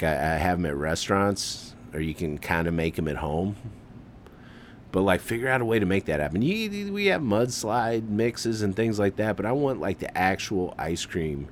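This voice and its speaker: A Midwestern man with a very low voice hosts a podcast on his own, giving casual commentary. He's laid-back yet keeps getting excited, sprinkling in "man" and some light swearing. A faint hiss sits beneath the recording.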